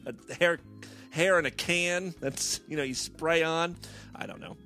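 A man's voice: on the high side, a little slow, faint music behind. A man hosting a comedy show, reading news stories aloud and breaking off into profane, sarcastic riffs. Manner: profane, sarcastic, animated, riffing asides. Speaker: comedy podcast host. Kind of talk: irreverent comic news reading.

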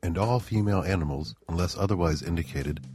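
Very deep-voiced male narrator. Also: fast. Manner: flat, reads stage directions. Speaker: audio story narrator. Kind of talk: scripted narration. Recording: guitar music behind.

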